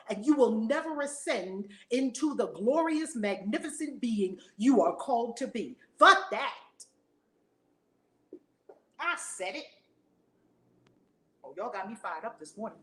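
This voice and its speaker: A woman's voice: on the high side, expressive, slow, fairly bright tone. A woman in her forties teaching a spiritual lesson in a fiery, preacher-like way, acting out voices. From United States.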